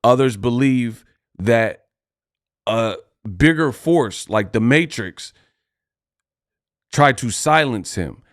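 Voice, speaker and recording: A man's voice: medium pitch, animated, no echo, studio quality. A man hosting a boxing commentary video, talking in a loose, conversational way and drawing out his lines. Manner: loose, conversational, drawn-out delivery.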